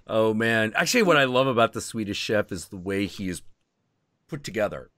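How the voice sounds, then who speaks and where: A man's voice: lowish voice, no room sound, clean studio sound. A man hosting a live stream, chatting casually and candidly, swearing freely as he tells stories. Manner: candid, swearing, animated storyteller. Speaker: stream host.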